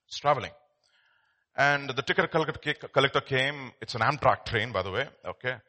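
A man's voice: medium pitch, brisk, pushed and bright. A man preaching a sermon as pastor, telling stories in a conversational way with many fillers and restarts.

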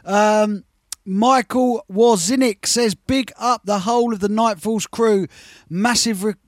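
High-pitched, gushing DJ. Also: male voice, fairly even intonation, slow, no room sound, clean studio sound. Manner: enthusiastic, repeats words in bursts. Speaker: rave music DJ and host. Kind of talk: casual chat.

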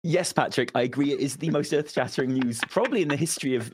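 A man's voice: medium pitch, fast, hardly any pauses, husky. A man from the United Kingdom, a podcast guest in an office, joking with playful sarcasm. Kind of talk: casual podcast chat. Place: office in Paris.

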